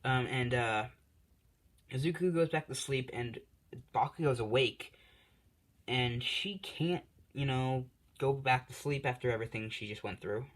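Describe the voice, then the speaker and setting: A man's voice: mid-range voice, a little slow. Male host, casual improvised storytelling, rambling, self-deprecating, heavy on fillers. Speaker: channel host telling a fan story.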